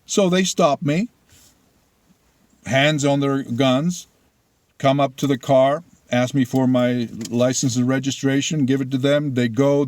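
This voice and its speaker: A man's voice: medium pitch, no room sound. A middle-aged man whose first language is Spanish, giving a blunt, opinionated monologue of political commentary with personal stories. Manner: deliberate, blunt, opinionated storytelling.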